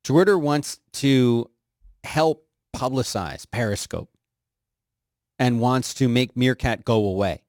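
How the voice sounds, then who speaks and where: A middle-aged man hosting a podcast, reading tech news in a casual, joking way and sometimes jumping into high silly voices. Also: takes it slowly, darkish tone, no room sound, clean studio sound. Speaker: podcast host.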